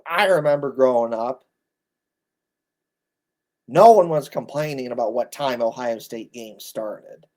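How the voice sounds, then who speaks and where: Slow, blunt ranting man in his thirties. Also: medium pitch, a little mellow. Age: 30s. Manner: blunt, exasperated, repetitive scolding. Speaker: sports commentator. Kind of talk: ranting commentary.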